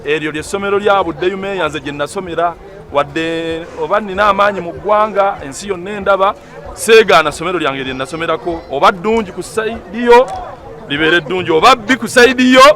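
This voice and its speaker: A young man from Uganda, a former student and entertainer, giving a lively casual speech outdoors at a school event and talking straight to viewers. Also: high-pitched, fairly quick.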